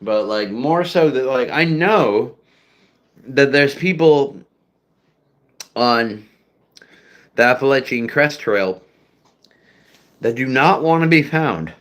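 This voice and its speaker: Casual male streamer, middle pitch, meandering and crude, self-mocking chat. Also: fairly bright tone. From United States. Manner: rambling, profane, self-deprecating, many fillers. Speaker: streamer chatting with viewers.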